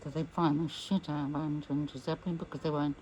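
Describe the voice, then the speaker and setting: A woman's voice: sits low, level tone, darkish tone, a little hiss or hum, low-quality recording. A woman recounting a personal ordeal as an interviewee, acting out what others said to her. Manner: slow recounting that acts out quoted speech. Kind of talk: personal storytelling.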